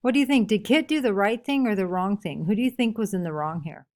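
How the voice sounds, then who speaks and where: A woman's voice: medium pitch, darkish tone. A woman teacher reading passages from a novel and asking her class questions about them. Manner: asks many questions, pausing for answers; reads book passages aloud, then explains. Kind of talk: classroom read-aloud with discussion questions.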